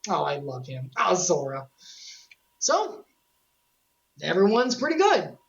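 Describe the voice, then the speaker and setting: A woman streamer talks casually over a game recap, joking and excitable, and throws quick asides to her chat. Her pitch swings in a lively way. The audio is dull and lo-fi. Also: gravelly.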